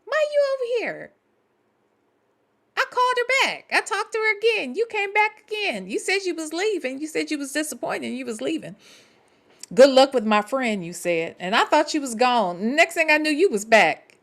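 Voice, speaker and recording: Woman host, blunt and profane, bright sharp tone, swooping expressive delivery. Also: high voice, moderate pace. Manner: blunt and profane, talks straight to viewers. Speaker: show host. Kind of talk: casual livestream chat, reading viewer comments.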